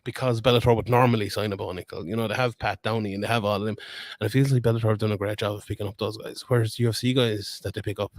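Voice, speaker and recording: Rapid-fire and fairly even in intonation, a young man's lowish voice comes through a dry phone-camera recording. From Limerick, Ireland, he hosts a casual live stream at a fight weigh-in, rambling, chatty and laughing often.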